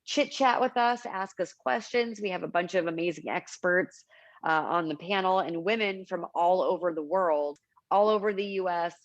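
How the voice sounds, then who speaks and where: A woman's voice: lowish voice, normal speed, no room sound, dull audio. A middle-aged woman, a cannabis advocate, telling stories in an interview and acting out what people said. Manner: animated, acts out quotes in anecdotes. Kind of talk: storytelling interview chat.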